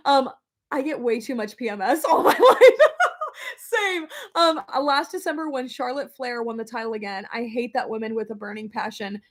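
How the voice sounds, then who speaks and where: A young woman talks casually to her viewers in a slightly high voice. She is chatty and openly emotional, laughs easily, and fills her sentences with ums and likes. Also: animated, normal speed. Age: young adult. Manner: chatty, emotional, laughs often, many fillers. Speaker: vlogger reading live chat. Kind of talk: casual chat.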